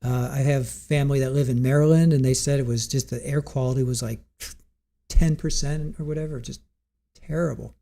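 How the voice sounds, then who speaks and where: A man hosting a live stream, chatting casually and reading viewer comments aloud, rambling and thinking out loud with frequent restarts. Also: mid-range voice, fairly even intonation, a little fast.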